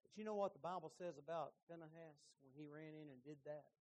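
High-voiced preacher telling stories. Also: male voice, quick pace. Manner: animated, emphatic storytelling with folksy asides. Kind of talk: sermon.

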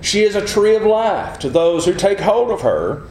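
A man preaching a sermon, teaching earnestly, asking the listeners questions and acting out quick replies. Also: sits high, sing-song, a little mellow, roomy sound, slight background noise.

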